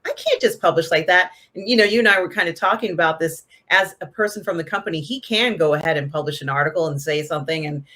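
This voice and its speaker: A woman with a low voice talks quickly and sharply, barely pausing, as co-host of a casual show. She chats about a TV episode, retelling scenes with quoted lines and laughter.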